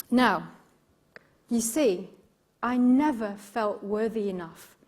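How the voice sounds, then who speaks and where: A middle-aged English woman speaks with a slightly high voice, delivering a live motivational talk. She tells personal stories with warmth of emphasis, repeating words for effect and checking in with her listeners. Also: very slow, pauses often. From Yorkshire, England. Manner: expressive storytelling, emphatic repetition, engages audience. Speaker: keynote speaker and coach.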